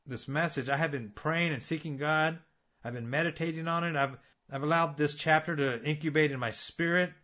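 A man's voice: a little high, a bit bright, lo-fi sound. A man preaching a sermon, earnest and building his points with repeated phrases and rhetorical questions.

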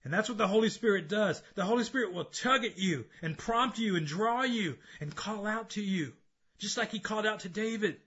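A man preaching an impassioned sermon, swinging between loud emphasis and hushed intensity, in a dull lo-fi recording. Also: sits high, moderate pace, slightly rough. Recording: dull lo-fi sound.

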